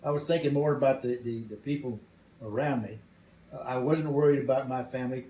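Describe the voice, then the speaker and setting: A man's voice: medium pitch, fairly even intonation, fairly quick, warm tone, distant mic. Older man, blunt salty storyteller, recorded from off mic in a roomy space. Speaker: veteran interviewee. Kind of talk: storytelling interview.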